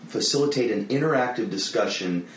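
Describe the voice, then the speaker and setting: Lower-voiced man interviewing off-mic. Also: expressive, reverberant, recorded from a distance, dull audio, slight background noise. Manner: eager, affirming, quick to chime in. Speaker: host, interviewer. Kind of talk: conversational interview.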